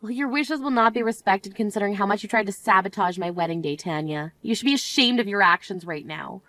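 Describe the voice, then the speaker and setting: A woman's voice: mid-range voice, fast, bright, forceful tone, dry recording, natural voice. A woman voicing a young bride in an amateur voice drama, speaking in a firm, self-assured manner. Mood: cool firm. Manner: indignant, then cool and firm.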